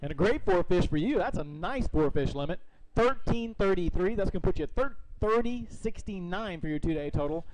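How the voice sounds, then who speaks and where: A man's voice: high-pitched, lively intonation, brisk, darkish tone, slight background noise, poor audio. A man emceeing a live fishing tournament weigh-in outdoors, upbeat and promotional as he reads out weights. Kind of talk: live event hosting.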